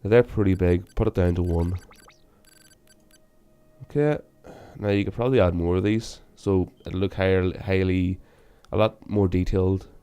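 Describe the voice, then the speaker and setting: A young man giving casual, self-mocking game commentary, with sudden loud bursts of excitement. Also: deep voice, normal speed, clear, resonant tone. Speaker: gaming channel host.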